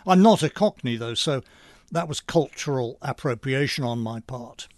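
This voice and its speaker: Wry older man with a lively voice. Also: medium pitch, no echo. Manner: wry, dry humor, measured delivery. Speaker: host. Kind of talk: scripted monologue.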